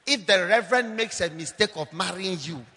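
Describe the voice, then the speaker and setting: A man preaching a lively, mocking, humorous sermon, often mimicking people. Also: high-pitched, brisk, in a large hall, slight background noise.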